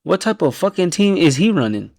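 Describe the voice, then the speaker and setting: A man's voice: brisk, creaky, no echo, clean studio sound. Blunt, profane man reacting live. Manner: blunt, profane, animated, laughs often, reads names in a low mumble. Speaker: host reacting to viewers' fan-picked football teams. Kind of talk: casual reaction stream.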